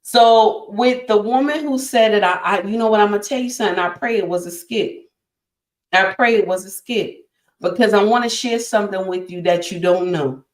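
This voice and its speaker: A woman talks straight to her live chat about relationships. She is emphatic and repetitive, and she keeps calling her listeners honey and my dear. Her voice sits at a middling pitch and carries an echo from the room around her. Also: moderate pace. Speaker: livestream host.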